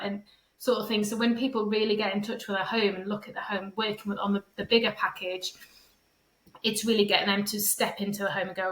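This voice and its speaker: In a reverberant space captured on a rough recording, a middle-aged woman guests on a podcast as a feng shui and decluttering coach. Her mid-range voice is steady, fairly quick, and a bit bright as she chats and rambles in a casual interview. She often tacks on "sort of thing" and acts out quoted voices.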